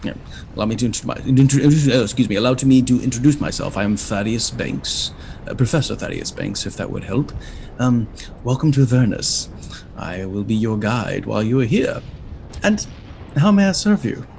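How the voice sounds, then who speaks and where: A man's voice: medium pitch, animated, normal speed, creaky, darkish tone, slight background noise. A man voicing a small, nervous male imp professor who stammers and is overly polite. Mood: flustered polite.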